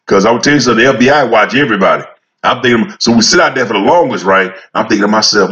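A man's voice: lowish voice, fast, a bit bright. Rambling man telling a story, lo-fi. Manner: rambling, repeats phrases, colloquial speech. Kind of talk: casual storytelling monologue.

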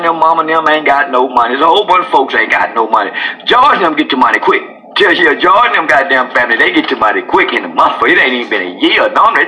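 Man for a fired-up, profane solo rant; fairly high, bright and sharp-edged delivery. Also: slight background noise, low-quality recording. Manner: animated, profane, breaks into shouts and laughs. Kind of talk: loud improvised rant.

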